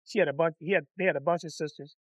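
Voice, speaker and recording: A man from Detroit telling a personal story in casual, profane storytime narration, animated and acting out the people in it. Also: fairly high pitch, very fast, dry recording, highs cut off. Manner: animated, profane, acts out voices.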